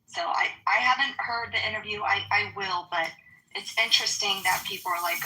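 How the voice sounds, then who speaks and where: A woman arguing in a casual online debate, speaking haltingly with restarts and pointed questions. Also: mid-range voice, lively intonation, sharp tone, soft background music, poor audio.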